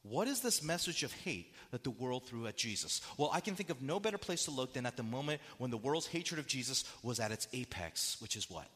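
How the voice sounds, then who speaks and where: Man preaching with lively questions. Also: mid-range voice, brisk, hardly any pauses, long reverb tail. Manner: animated preaching with rhetorical questions and dramatic quotes. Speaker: pastor. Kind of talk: sermon.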